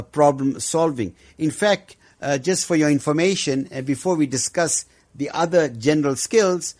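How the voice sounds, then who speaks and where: Earnest man talking education, measured. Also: on the high side. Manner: earnest, measured, frequent "uh" pauses. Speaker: guest educator. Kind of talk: discussion on education.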